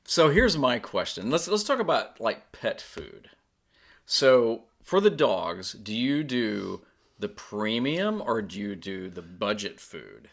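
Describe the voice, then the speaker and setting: A man's voice: lowish voice, slow pace, vocal fry. A man co-hosting a podcast in casual chat, telling stories in a playful, jokey way. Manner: animated storyteller, playful and jokey. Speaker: podcast co-host.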